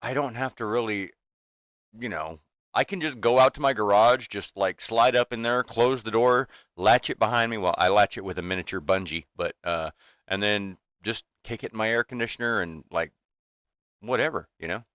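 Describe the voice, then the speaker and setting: A livestream host in his fifties sits in a small home workshop room, venting to his chat in a loose, rambling way full of fillers and restarts. His fairly low voice moves at a moderate pace and is a bit bright. The audio is clean studio sound, with no room sound.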